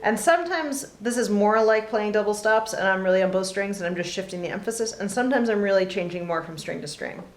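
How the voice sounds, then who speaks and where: A woman teaching a casual fiddle lesson, relaxed and chatty with many pauses and fillers between playing. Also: medium pitch, music in the background. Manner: relaxed, lots of ums, talks between demonstrations. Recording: roomy with loud fiddle playing.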